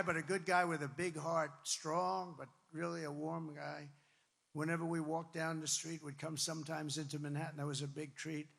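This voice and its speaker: Gravelly, emphatic man at a rally. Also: sits high. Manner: emphatic, repetitive, rambling asides, bursts of shouting. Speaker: political candidate addressing supporters. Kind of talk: campaign rally speech. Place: large rally venue with crowd. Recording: long reverb from a rally venue.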